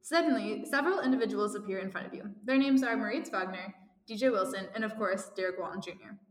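A young woman co-hosting a casual podcast, giggling and reading her own fan fiction aloud quickly. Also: medium pitch. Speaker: podcast co-host. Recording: echoey room with long reverb.

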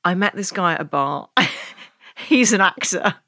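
A woman's voice: on the low side, expressive, unhurried, sharp tone, no room sound, studio quality. A woman hosting a podcast interview, attentive and responsive, reacting expressively to her guest. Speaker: podcast host. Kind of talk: casual interview chat.

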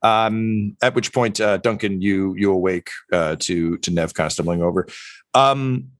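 A man's voice: low voice, unhurried, no room sound. A man narrating a tabletop game as game master, hesitant with many "um" and "uh" fillers.

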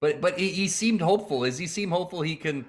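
A man's voice: a little high, fast. A man on a comedy panel who wonders aloud and speculates.

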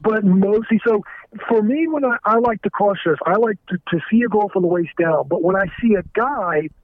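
Caller: high-pitched man, halting and frank, heard over a thin dry phone line. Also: dry recording. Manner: halting, frank, stumbling restarts. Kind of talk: candid confessional phone talk. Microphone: telephone.

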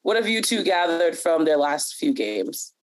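A woman hosting a sports podcast, her voice a little raspy and hoarse as she leads the chat in a relaxed, upbeat way. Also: low voice, a little slow. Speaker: podcast host.

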